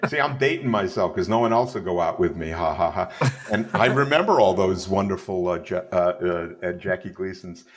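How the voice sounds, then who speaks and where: A man telling stories in a casual interview, chatty and joking, wandering from tale to tale. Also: sits low. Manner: chatty, digressive, joking, does quick put-on voices in stories. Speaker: bassist guest.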